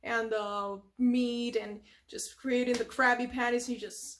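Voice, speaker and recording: A woman's voice: a little high, flat delivery, unhurried, a bit bright, slight background noise. A woman hosting an ASMR channel, casually retelling a cartoon from memory in a rambling way, with lots of filler words and sound effects.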